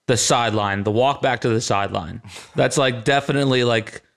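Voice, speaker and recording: A man's voice: mid-range voice, a little fast, creaky, a bit bright. A man co-hosting a podcast, asking curious, joking questions. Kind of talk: casual chat.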